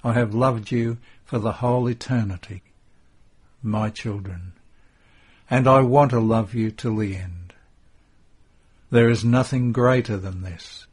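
A man reading as a slow, grave Jesus. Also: medium pitch, darkish tone, husky. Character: solemn, tender adult male Jesus bidding farewell. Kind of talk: devotional audiobook reading.

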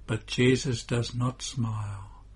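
A man reads a devotional story aloud in a measured narrating manner. His voice is deeply husky and breathy, and he takes his time over every phrase. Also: fairly even intonation, darkish tone. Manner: slow, measured reading.

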